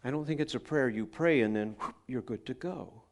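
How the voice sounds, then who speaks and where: A man's voice: mid-range voice, a little fast. A male pastor, telling stories in a chatty sermon and asking his congregation questions. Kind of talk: conversational sermon storytelling. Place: church gathering.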